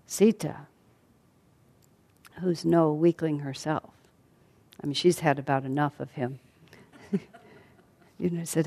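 Low-voiced woman teacher retelling a story. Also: measured pace, pauses often. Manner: calm, reflective retelling with soft fillers. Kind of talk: storytelling lesson. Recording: long hall reverb.

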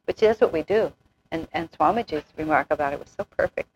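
A woman's voice: low voice, fast talker, darkish tone, a little hiss or hum, poor audio. A woman giving an informal spiritual talk, telling anecdotes, acting out quotes and laughing often. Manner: chatty storyteller, laughs often, acts out quotes. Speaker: spiritual teacher.

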